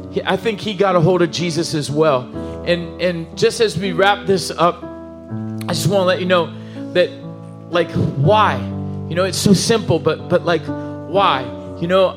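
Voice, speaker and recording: A high-voiced man preaches with feeling, chatty and animated, often restarting his sentences. Steady guitar music plays clearly behind him. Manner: animated, emotional, conversational preaching with asides and restarts. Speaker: pastor. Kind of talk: sermon.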